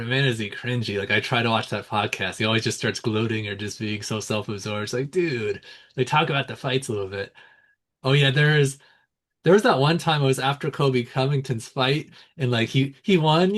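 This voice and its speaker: A man's voice: medium pitch, fairly quick. A man co-hosting a sports podcast in casual chat, laid-back, chuckling between points. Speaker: podcast co-host.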